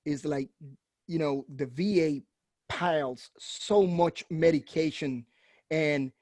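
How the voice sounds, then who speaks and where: A man hosting a veterans' podcast, telling stories in an animated, casual way and acting out the quotes. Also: fairly high pitch, slow pace, no echo, studio quality. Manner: animated storyteller, acts out quotes. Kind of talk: casual conversation, storytelling.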